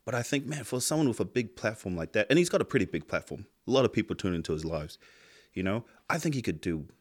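A man, co-hosting a podcast in casual chat, talking with heated emphasis and heavy swearing. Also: medium pitch. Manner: impassioned, swears a lot, rising emphatic outbursts. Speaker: podcast co-host.

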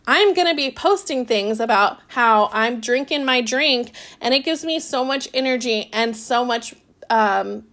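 A woman's voice: fairly high pitch, a bit bright. Chatty young woman podcast host. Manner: chatty, upbeat, frequent fillers like "like" and "um". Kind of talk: casual solo podcast advice.

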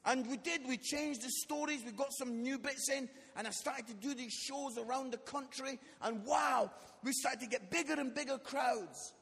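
A man's voice: very high voice, normal speed, few pauses, slightly rough. A man preaching as a guest speaker, telling funny stories and asking the congregation questions in a live church service. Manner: lively, comic, asks the audience questions. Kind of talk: comic storytelling sermon. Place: church hall, live audience. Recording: long church hall reverb.

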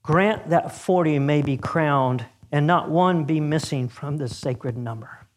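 Guy doing the soldiers, steady and defiant, respectful, not much acting. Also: a little high, measured pace, natural voice. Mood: resolute. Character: group of resolute Christian soldiers, men.

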